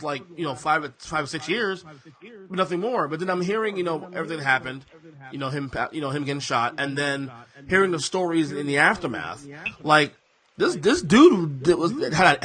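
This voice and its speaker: A man's voice: fairly high pitch, pushed and bright. A man in his thirties hosting a podcast in casual chat, often stammering and repeating words and laughing easily. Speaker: podcast host.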